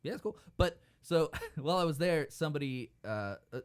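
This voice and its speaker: A man's voice: a little high, normal speed, clear, resonant tone. A man co-hosting a comedy podcast, chatting casually with lots of swearing and laughter. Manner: swearing, laughing, lively banter. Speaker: podcast co-host.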